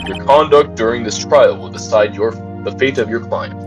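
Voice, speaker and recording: A man voicing a stern elderly judge in formal, measured speech while reading a game aloud. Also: mid-range voice, dull audio, lightly acted. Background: game music.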